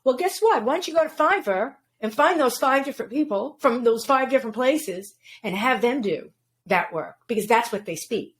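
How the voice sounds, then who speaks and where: A woman with a somewhat high voice hosts a relaxed podcast conversation. She weighs her points out loud, stopping and restarting as she looks for the right words. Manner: thoughtful, halting, searching for words. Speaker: podcast host.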